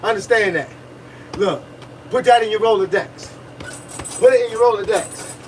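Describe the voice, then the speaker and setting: Man, boxing coach, high voice, preachy and repetitive, livestream, distant mic. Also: normal speed, slight background noise. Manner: preachy, repetitive, talks to viewers, grunts while punching a bag.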